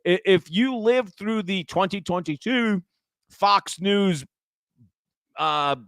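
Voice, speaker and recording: Man, talk show host, high voice, rambling chatty delivery, dry close sound. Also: slow pace, a bit bright, clean tone, no echo. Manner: chatty, rambling, with frequent restarts and asides. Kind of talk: casual political talk show.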